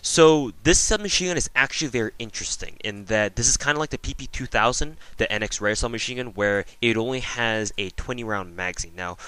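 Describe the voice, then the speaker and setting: A man's voice: mid-range voice, a little fast, hardly any pauses, sharp tone, smooth, dry recording. A man giving a casual video game review voice-over, rambling with lots of fillers and self-corrections.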